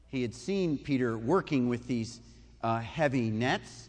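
A man's voice: fairly high pitch, animated, moderate pace, long reverb tail. A man preaching a sermon, retelling a story conversationally with asides and questions to the listeners. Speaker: pastor.

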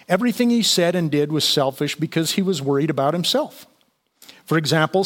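A man with a slightly higher voice delivers a relaxed, conversational sermon. He walks through the scripture passage, stopping to explain it with plenty of "you know" and small restarts. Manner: conversational Bible teaching with fillers and restarts. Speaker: pastor.

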